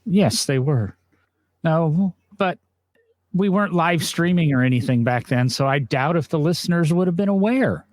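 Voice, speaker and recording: A man's voice: on the high side, animated, normal speed, no echo. A man co-hosting a casual podcast, chatty and often laughing as he talks. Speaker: podcast co-host. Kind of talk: casual chat. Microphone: video call with green screen.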